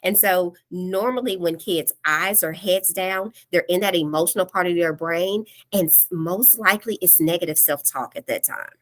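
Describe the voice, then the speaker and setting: Woman with a lowish voice walking parents through tips, practical, explains step by step in a casual workshop talk. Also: moderate pace, few pauses, a bit bright.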